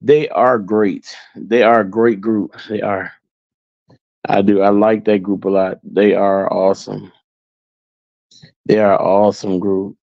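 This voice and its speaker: A channel host with a lowish, gravelly voice tells his livestream viewers a loose, chatty story, laughing easily along the way. He speaks unhurriedly in a level tone and pauses often. The recording is dry, with the highs cut off.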